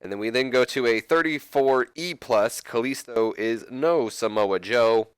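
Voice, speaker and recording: A man's voice: medium pitch, unhurried, clear, resonant tone, no echo. A man hosting a let's play, giving rambling, casual gameplay commentary with self-correcting asides and jokes to his viewers.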